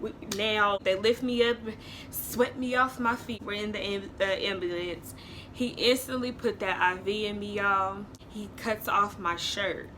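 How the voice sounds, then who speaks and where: A woman's voice: mid-range voice, a little slow, slight background noise. A woman vlogger dramatically retelling a story to her viewers in a casual storytime vlog. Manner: animated, dramatic retelling, talks to viewers as y'all.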